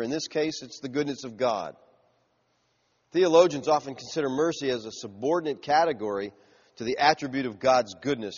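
A man preaching a sermon in a lively, animated way, now and then acting out the shouts of the people in his story. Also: on the high side. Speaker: pastor. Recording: muffled sound with long hall reverb.

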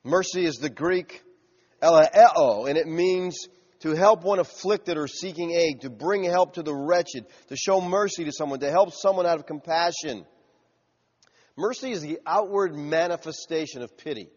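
A man preaching a sermon in a lively, animated way, now and then acting out the shouts of the people in his story. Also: on the high side, normal speed. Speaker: pastor. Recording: muffled sound with long hall reverb.

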